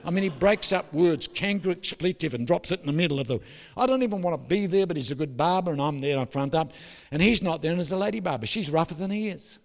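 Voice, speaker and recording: A man preaching a sermon as a pastor, animated and joking, often asking the congregation to agree. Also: a little high, quick pace, in a large hall. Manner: animated storytelling with jokes, asks the crowd "is that right?".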